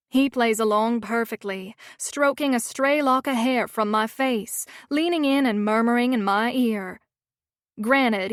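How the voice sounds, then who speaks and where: A woman's voice: on the high side, no room sound, clean studio sound. A woman narrating a romance audiobook in the first person, with a wry, sardonic manner.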